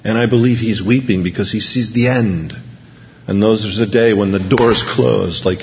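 A man's voice: lowish voice, fairly even intonation, normal speed, slight background noise. A man preaching an impassioned sermon in a church hall, building to emphatic repeated peaks. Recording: dull lo-fi recording with long hall reverb.

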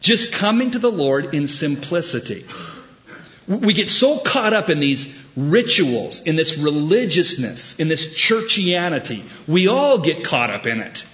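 A man preaching a sermon, telling a story with wry humor and deliberate emphasis. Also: on the high side, fairly bright tone, muffled recording. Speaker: pastor.

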